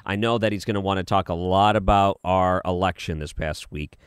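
Low-voiced late-night radio host. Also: male voice, a little fast, smooth, no echo, studio quality. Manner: easygoing, chuckles often, agreeable. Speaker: radio talk show host. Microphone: studio microphone.

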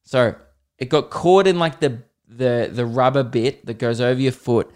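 A man's voice: medium pitch, moderate pace, clear, resonant tone. A man with an Australian accent hosting a comedy show, telling rambling, profane stories and often cutting himself off mid-sentence. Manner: self-interrupting, excitable. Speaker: comedian host. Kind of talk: casual comedic monologue.

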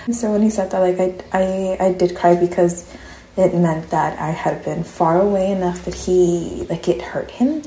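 Speaking at a moderate pace in a fairly low, warm voice, a young college woman keeps a candid personal audio diary. The conversational entry grows openly emotional, and the room adds echo.

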